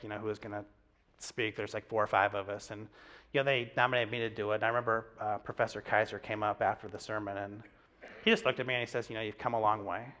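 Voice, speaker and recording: A young man gives a sermon in a bright, forceful voice. He tells stories casually, with plenty of "um" and "like" along the way. He sounds like a pastor talking to his own church. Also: lowish voice. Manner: conversational storytelling with many fillers.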